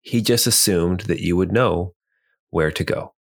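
A man narrating as game master of a tabletop role-playing game, relaxed, with filler ums. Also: low voice, a little slow.

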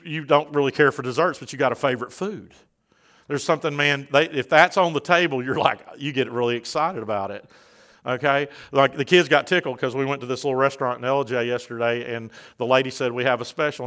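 A middle-aged man preaching a sermon in a church, folksy and joking with the congregation before building into loud, fervent preaching. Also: mid-range voice. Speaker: pastor.

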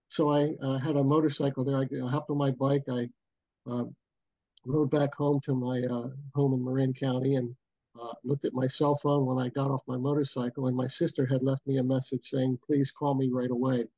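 Mellow older man telling a story. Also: medium pitch, little pitch movement, dry recording, muffled recording. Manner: unhurried, reflective, frequent pauses. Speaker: guest, booking agent. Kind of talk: storytelling interview. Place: home, bridge view behind.

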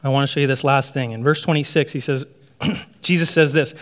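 A man's voice: fairly high pitch, fairly quick. A man preaching a sermon in a conversational way, often checking in with "right?" and laughing lightly. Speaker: pastor.

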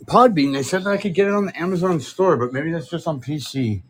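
A man's voice: fairly high pitch, fast, slight background noise. A middle-aged man co-hosting a podcast in casual chat, joking around and trying out silly voices. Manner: jokey, tries out silly voices. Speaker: podcast co-host.

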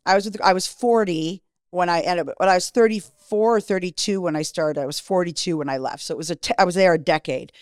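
A woman's voice: lowish voice, fast talker, hardly any pauses, darkish tone, no room sound, studio quality. A woman in her fifties, a guest in an interview, telling her story bluntly, swearing freely and acting out what people said.

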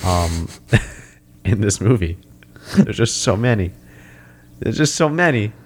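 A man's voice: fairly low pitch, sing-song, takes it slowly, a little mellow. A man in casual chat recapping a boxing movie, swearing freely and acting out the characters' lines between laughs. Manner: laughing, profane, acts out quoted lines.

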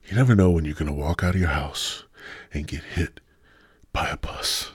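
A man's voice: a bass voice, a little fast, a little mellow, slightly rough, dry recording, clean studio sound. A man hosting his own podcast alone, rambling and swearing constantly, sighing and feeling a little sick as he talks. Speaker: podcast host. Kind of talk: rambling solo podcast rant.

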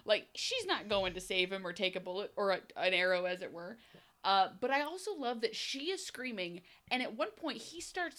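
A woman co-hosting a casual chat, animated and sarcastic, often slipping into mock voices. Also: mid-range voice, moderate pace. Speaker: podcast co-host.

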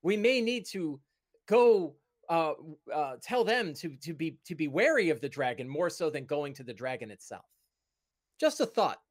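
A man voicing a cautious adventurer companion who worries and gently advises against danger. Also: on the high side, sing-song, normal speed, voice pushed up.

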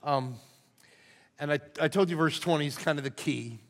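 Older guy preaching, kinda high voice, folksy and chatty, big church echo. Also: moderate pace. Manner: folksy, conversational preaching that swings from hushed to loud. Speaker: lead pastor. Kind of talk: sermon. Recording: long hall reverb.

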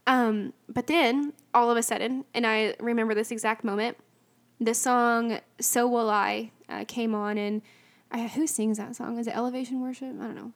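A woman's voice: a little high, fairly even intonation, moderate pace. Teary young woman telling her testimony. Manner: casual, filler-heavy, chatty with many "like"s and "um"s. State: emotional, on the verge of tears. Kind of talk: personal faith testimony, storytelling.

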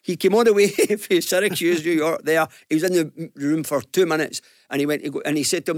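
Glaswegian man spinning a lively yarn. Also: on the high side, quick pace, hardly any pauses, dry recording, studio quality. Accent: Glaswegian Scottish. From Glasgow, Scotland. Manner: lively storyteller, acts out quotes, chuckles. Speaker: business guest panellist. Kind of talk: anecdotal radio storytelling.

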